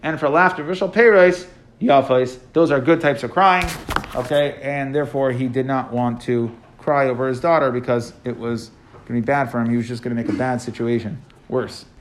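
A man's voice: medium pitch, steady tone, normal speed, a little hiss or hum. A man teaching a Talmud class, translating the text line by line and explaining it with frequent fillers.

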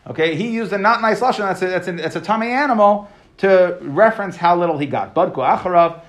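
A man teaching a Talmud class, reading each line and explaining it in casual, lively talk with modern asides. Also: high voice, fast talker. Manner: reads each phrase, then explains it casually.

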